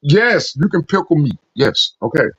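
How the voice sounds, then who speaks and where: A man calling in to a stream, chatting and telling rambling stories with animated laughter. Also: on the high side, normal speed, slightly rough. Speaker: regular caller on a call-in stream. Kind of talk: casual chat and storytelling. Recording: muffled lo-fi call audio with fan noise.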